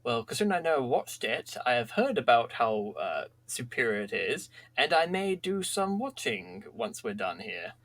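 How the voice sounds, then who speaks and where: A man co-hosting a casual podcast chat, talking in a relaxed way, often restarting and hesitating. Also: mid-range voice, normal speed, hardly any pauses. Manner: easygoing, hesitant, with many restarts. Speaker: podcast co-host.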